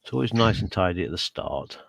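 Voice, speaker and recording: A man with a Yorkshire accent speaks in a low, gravelly voice. He drops dry, joking asides into the casual chat. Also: animated, a little fast. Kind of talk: casual chat on a modelling stream.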